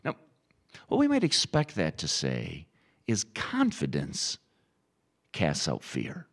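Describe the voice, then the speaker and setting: A middle-aged man preaching a sermon, animated and storytelling, acting out quoted inner voices. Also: mid-range voice, takes it slowly, pauses often. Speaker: pastor.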